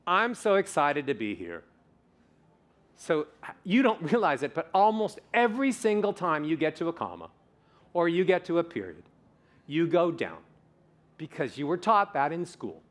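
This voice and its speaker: Male voice coach on a conference stage, lively swooping pitch, slightly high, playful and demonstrative. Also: normal speed. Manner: animated, demonstrates vocal examples, playful. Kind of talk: conference talk with audience exercises.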